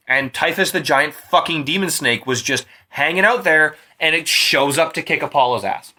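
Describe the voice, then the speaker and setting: Young man, tipsy, rambling, profane storytelling, bright voice. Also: fairly high pitch, moderate pace, hardly any pauses. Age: young adult. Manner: profane, rambling, laid-back retelling. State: drunk. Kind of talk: tipsy casual retelling of Greek myth.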